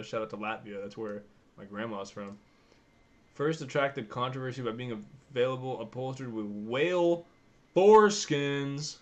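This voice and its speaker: A man's voice: mid-range voice, a bit bright. Offhand, profane young man thinking aloud. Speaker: vlogger. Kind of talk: casual commentary while browsing the web.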